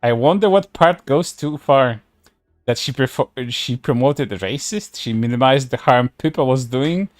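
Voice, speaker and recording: A man's voice: medium pitch, animated, moderate pace, no echo, soft background music. A man streaming casual commentary, reading posts aloud in a sarcastic way, laughing and swearing often.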